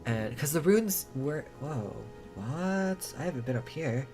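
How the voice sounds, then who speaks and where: A man streaming a role-playing game, reading its text aloud and reacting with excited swearing. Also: fairly high pitch, unhurried, soft background music. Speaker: gameplay streamer.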